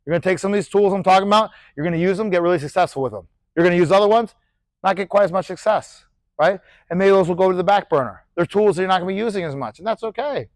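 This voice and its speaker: Talking rapid-fire on a rough, dry recording, a middle-aged male boxing coach gives casual instruction in a fairly high, close voice. He demonstrates punches with shouted sound effects, curses lightly, and repeatedly checks in with "right?"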